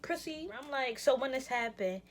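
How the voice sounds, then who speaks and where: Animated young woman telling a storytime. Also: high-pitched, normal speed, noisy background. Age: young adult. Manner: animated, emphatic, swears freely, acts out her own reactions. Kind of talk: casual storytime vlog.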